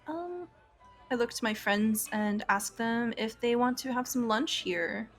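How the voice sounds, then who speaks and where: A woman's voice: fairly high pitch, a little slow, faint music behind. A woman player in a tabletop game who speaks hesitantly, opening with "um".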